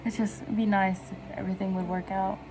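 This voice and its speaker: A woman's voice: medium pitch, level tone, fairly quick, music in the background, rough recording. A young woman chatting casually in a vlog, rambling from one tangent to the next in slangy speech and laughing often, recorded on her phone at home. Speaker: vlogger.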